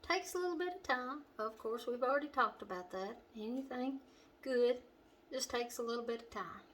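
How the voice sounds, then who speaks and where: A middle-aged woman with a western Kentucky accent, hosting a home cooking demonstration in her kitchen and chatting warmly to the viewer. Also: a little high, moderate pace, a little hiss or hum. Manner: homey and chatty, talking straight to the viewer. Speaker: cooking show host.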